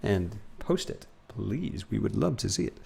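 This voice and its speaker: A man's voice: fairly low pitch, sing-song, a little slow, gravelly, darkish tone, husky. A young man streaming a game live, chatting casually and reading out chat messages. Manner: chatty, reads out chat and donations.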